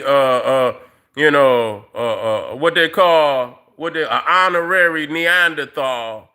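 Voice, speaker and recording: A man's voice: on the high side, takes it slowly, pushed and bright, clear, resonant tone. A middle-aged man ranting on a casual livestream, profane and rambling, with lots of fillers, talking straight to his viewers. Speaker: livestream host.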